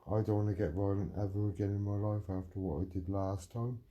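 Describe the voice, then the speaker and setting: Middle-aged man, livestream rant, threatening, swearing, lowish mellow voice. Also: steady tone, fairly quick, muffled recording. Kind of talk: angry livestream rant answering chat.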